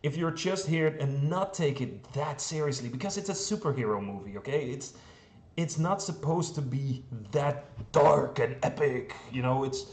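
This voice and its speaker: A man's voice: medium pitch, animated, normal speed, darkish tone. A man from the Netherlands with a Dutch accent, reviewing a movie in a chatty way, with frequent chuckles and plenty of fillers. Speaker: film reviewer. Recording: roomy echo.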